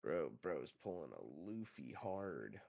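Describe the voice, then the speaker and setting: A man's voice: very deep voice, sing-song, measured pace, creaky, darkish tone, no room sound, muffled recording. A man hosting a manga reaction, reading the chapter aloud with casual, slangy asides.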